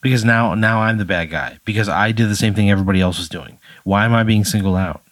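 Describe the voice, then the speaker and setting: A man's voice: fairly low pitch, quick pace, fairly bright tone, no room sound. A man co-hosting, reacting to a comic scenario with exasperated, indignant protests. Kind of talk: improvised comedic back-and-forth.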